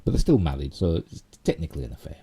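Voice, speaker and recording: A middle-aged Yorkshire man hosting a casual live stream from a desk mic at home, his low, warm voice a touch hoarse. He rambles along with plenty of fillers and quick asides. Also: big pitch swings. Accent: Yorkshire English. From Yorkshire, England. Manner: rambling, chatty, with many fillers and self-asides. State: slightly hoarse. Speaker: channel host.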